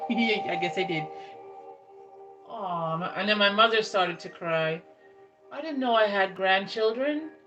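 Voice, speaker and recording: Brief: woman storyteller, mid-range pitch, loose and rambling with constant restarts; music playing underneath. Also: bright, forceful tone, lo-fi sound. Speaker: ASMR channel host. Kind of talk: casual storytelling. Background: background music.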